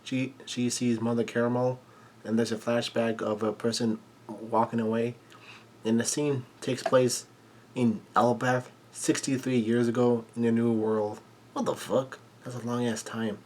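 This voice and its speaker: A man casually recapping a manga chapter, halting often with fillers and restarts, and blunt enough to swear when something surprises him. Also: mid-range voice, little pitch movement, a little mellow.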